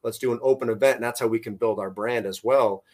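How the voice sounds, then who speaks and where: A man's voice: mid-range voice, steady tone, quick pace, a little mellow. A man who founded a fishing tournament trail, chatting casually on a podcast in a rambling way. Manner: rambling, many fillers and restarts.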